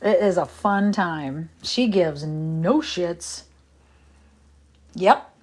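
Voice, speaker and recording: A woman's voice: fairly low pitch, lively intonation, extremely slow, pauses often, a little mellow. A middle-aged woman chatting casually on a livestream, rambling and exasperated as she talks to viewers. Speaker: livestream host.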